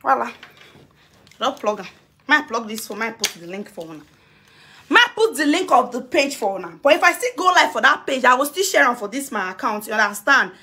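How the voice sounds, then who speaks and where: A woman's voice: fairly high pitch, sing-song, a little fast, sharp tone. A woman with a Nigerian accent speaking straight into her phone camera on a live video, confronting someone. She talks emphatically, repeating her demands over and over and laughing now and then. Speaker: social media personality. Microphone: phone camera, face to face.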